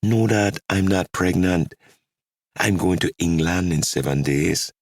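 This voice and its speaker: A man's voice: deep voice, a little slow, no room sound, studio quality. A man voicing an earnest young Trinidadian woman who works as a nurse.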